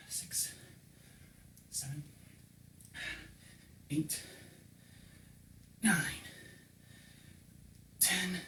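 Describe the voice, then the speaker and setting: Fitness coach counting reps in echoey room. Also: male voice, on the high side, fairly bright tone, a little hiss or hum. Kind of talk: home workout instruction. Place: home room with table and couch. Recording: echoey room, distant mic.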